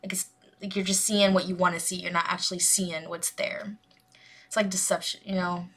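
A woman's voice: lowish voice, little pitch movement, fairly quick, fairly bright tone. A young adult woman who hosts a music reaction channel, chatting casually in a rambling, gushing way with lots of fillers.

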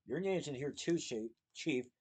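A man's voice: medium pitch, expressive, unhurried, breathy edge. A man voicing an honest, earnest male police officer who speaks politely but firmly, while reading a story aloud.

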